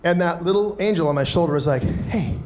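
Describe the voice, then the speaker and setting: A man's voice: on the high side, quick pace. A man doing stand-up, telling a story with energy and acting out the other people in it. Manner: animated, acts out other people's voices. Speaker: stand-up comedian.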